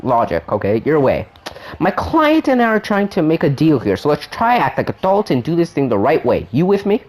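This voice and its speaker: A man reading out a smug, patronizing male wrestling manager in a lowered voice. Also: huge pitch swings, fairly quick, a little mellow. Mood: condescending. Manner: condescending, patronizing.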